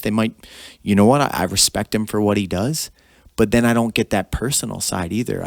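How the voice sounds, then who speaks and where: A man's voice: on the low side, vocal fry, no room sound, studio quality. A man hosting a podcast interview, earnest and reflective as he draws out his guest. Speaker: podcast host. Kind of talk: conversational interview.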